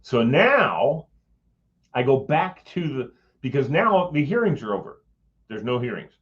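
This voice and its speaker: A former Capitol Hill staffer tells a personal tale in a medium-pitched, sing-song, slightly bright voice, taking his time. His telling is casual and rambling, with occasional swearing and impressions of other people, over dull lo-fi audio.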